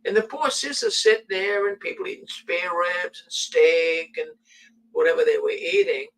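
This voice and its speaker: A man hosting a casual talk show, telling stories in an animated way. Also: sits high, moderate pace, gravelly, distant mic, a little hiss or hum, rough recording. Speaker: host.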